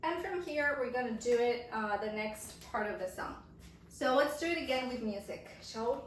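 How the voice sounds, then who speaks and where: A woman's voice: on the high side, lively intonation, normal speed, over music. Echoey woman teaching dance, counting beats. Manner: encouraging, counting beats aloud, checking in with okay and yeah. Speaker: dance instructor. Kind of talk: dance class instruction with counting. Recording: echoey room, voice from far off the mic.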